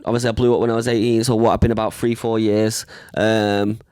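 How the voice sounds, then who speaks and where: Young laid-back Manchester rapper. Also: male voice, lowish voice, flat delivery, fast, a little mellow, smooth, dry recording, studio quality. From Manchester, England. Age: 20s. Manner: laid-back, rambling, lots of fillers and slang. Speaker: guest rapper. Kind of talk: casual interview chat.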